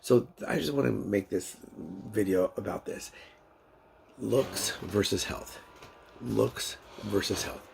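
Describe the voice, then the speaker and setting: Male vlogger, deep rough voice, unscripted and rambling, with lots of restarts. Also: slow, a little mellow, slight background noise, rough recording. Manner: rambling, repetitive, many restarts and fillers. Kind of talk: casual unscripted vlog monologue.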